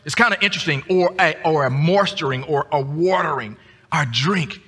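A man preaching a sermon as a guest speaker, often repeating words and rising to emphatic shouts. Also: a little high, moderate pace, breathy edge. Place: church sanctuary. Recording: long church reverb.

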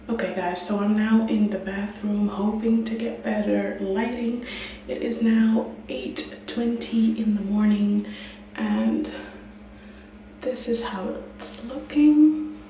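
Woman vlogger talking casually to her viewers, kinda high voice, chatty and relaxed. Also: unhurried, slight background noise. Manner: chatty, informal, addresses viewers as guys. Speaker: beauty vlogger. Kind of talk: casual chat to camera.

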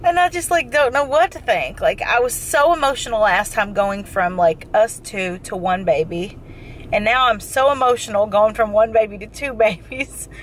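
A woman's voice: medium pitch, normal speed, slight background noise. A woman vlogging in a casual, emotional, chatty way, laughing often, filming herself on a handheld phone. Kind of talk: casual vlog. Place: car and hospital room.

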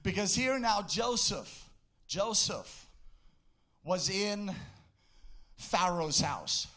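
A man preaching a sermon in an impassioned way, bursting into shouts and sing-song phrases. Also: high voice, expressive, very slow, pauses often.

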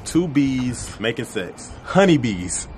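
A man in a comedy skit, acting as a deadpan interviewer hiring laughers. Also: medium pitch, takes it slowly. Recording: music playing behind.

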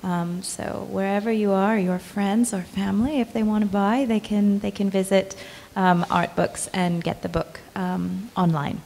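Woman editor at a gallery talk, kinda gravelly, lots of ums and restarts, hall echo. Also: mid-range voice, steady tone, unhurried, few pauses, a little mellow, a little hiss or hum. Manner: hesitant, many fillers and restarts. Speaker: book editor and speaker. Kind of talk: public talk Q&A answers. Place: gallery event space. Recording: long reverb in a hall with faint ambience.

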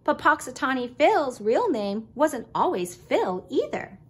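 A woman's voice: high-pitched, a little slow, husky, full character voice. Woman doing Phyllis, an eager girl groundhog. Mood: stubborn. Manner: excited, insistent.

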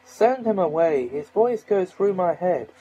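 A man's voice: expressive, unhurried, mellow, husky, full character voice, rough recording. A man doing a whiny, seasick young boy. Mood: irritable. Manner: peevish, high-pitched complaining.

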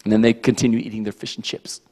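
A man preaching a casual, animated youth sermon in a church, joking and slipping into quick character voices. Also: lowish voice. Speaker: youth pastor. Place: church hall. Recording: long hall reverb.

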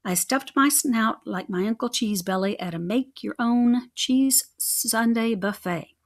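A woman reading a children's chapter book aloud as a first-person narrator, in a lively, expressive storytelling manner. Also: a little high, a little slow. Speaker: audiobook narrator.

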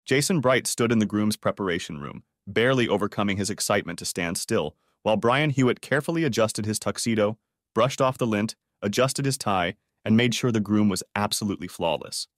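A man narrates an audiobook story in a steady, expressive way. His voice sits low. The close-miked recording is dry, with no room sound. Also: a little fast, no echo.

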